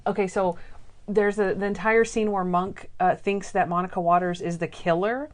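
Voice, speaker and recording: A woman's voice: medium pitch, steady tone, moderate pace. A woman hosting a podcast, chatting casually and recapping scenes, often quoting lines in acted voices. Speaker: podcast host.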